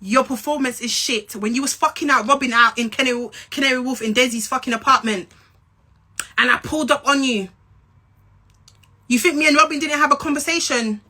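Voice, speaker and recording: A young social media personality from England, with a London and Essex accent, rants angrily straight into the camera. Her high voice is bright and sharp, and she speaks fairly quickly. Blunt and profane, she confronts her listener and keeps repeating her points to drive them home.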